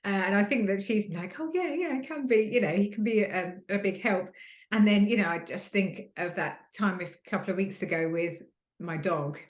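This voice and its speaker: A woman's voice: mid-range voice, steady tone, moderate pace. Woman chatting in an echoey room. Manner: rambling, many fillers and restarts. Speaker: guest, host's sister. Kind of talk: casual chat.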